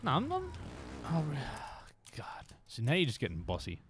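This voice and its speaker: Over background noise, a medium-pitched male voice swoops wildly up and down at an ordinary pace. He's live-streaming a motorbike game, joking around with his audience and sometimes dropping to a whisper.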